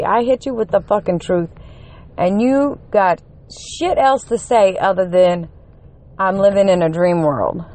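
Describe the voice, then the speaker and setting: A woman giving an angry, profanity-filled rant to her camera, running on one hour of sleep and climbing to shouts when her temper peaks. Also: mid-range voice. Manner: heated, swearing constantly, rising to shouts. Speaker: vlogger.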